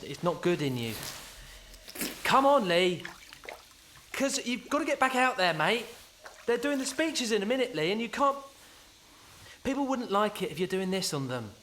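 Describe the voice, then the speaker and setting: A man's voice: on the high side, a bit bright, a little hiss or hum. An actor playing an awkward, rambling young Englishman at a wedding, talking in hesitant stammers and nervous laughs. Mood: urging. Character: awkward rambling man at a wedding, fumbling and overeager. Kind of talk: radio comedy monologue.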